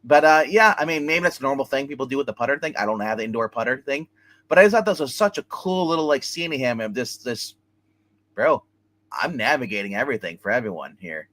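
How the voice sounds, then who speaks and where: Animated man retelling a TV episode. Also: mid-range voice, fast, no room sound. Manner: animated retelling, acting out scenes, many fillers. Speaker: co-host reviewing a TV episode. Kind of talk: casual review chat.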